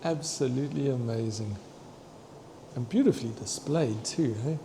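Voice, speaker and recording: A man excitedly touring a fossil museum, chatting to his viewers and tripping over long names. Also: mid-range voice, moderate pace, gravelly, slight background noise. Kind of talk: walking museum tour vlog. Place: indoor museum hall.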